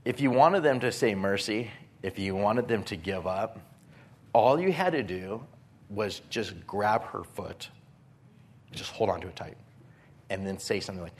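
A man preaching a sermon as a pastor, telling stories with lively, animated delivery and acting out his own panic. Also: fairly low pitch, measured pace, pauses often.

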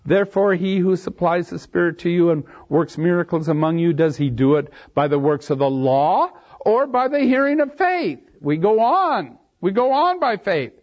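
In a dull lo-fi sermon recording, a man with a high, slightly mellow voice preaches expository Bible teaching, reading scripture aloud and explaining it verse by verse. He is very animated, talks at a normal speed with hardly any pauses, and leans hard on key phrases.

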